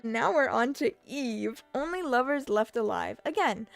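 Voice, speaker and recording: Young female vlogger, slightly high voice, giggly rambling bedroom chat. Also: animated, a little slow, gravelly, soft background music. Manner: rambling, giggly, frequent fillers and restarts. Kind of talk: casual chatty commentary. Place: her bedroom.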